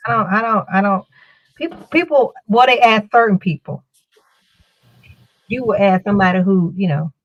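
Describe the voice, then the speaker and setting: A podcast co-host tells a story in casual chat, her medium-pitched voice animated at a moderate pace with long pauses. She rambles loosely, repeating words and restarting as she goes. The recording sounds muffled.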